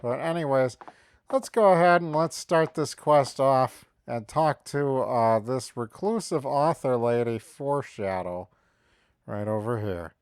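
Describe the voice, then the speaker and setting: A man talking through a game in a casual, chatty way, with plenty of hesitant fillers and joking asides. His voice is smooth and clear. It is recorded dry and close to the mic. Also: mid-range voice, measured pace, dry recording. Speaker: game commentator.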